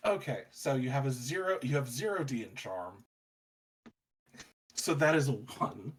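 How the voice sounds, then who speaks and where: A man running a tabletop role-playing game as game master, explaining rules in a relaxed way and laughing easily. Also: mid-range voice, unhurried.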